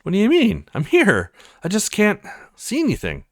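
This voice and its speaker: A man's voice: sits high, huge pitch swings, moderate pace, dry recording, clean studio sound, voice pushed up, full character voice. A man voicing a confused young man waking from a coma, in a put-on accent.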